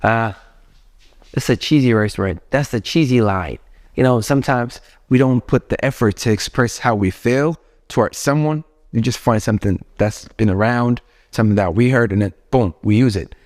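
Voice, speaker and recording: A young man with an Ethiopian accent teaches English in a loose, rambling way and keeps turning to his viewers with questions. His voice sits at a mid pitch, and he speaks English as a second language. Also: moderate pace, darkish tone. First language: not English. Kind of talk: casual spoken lesson.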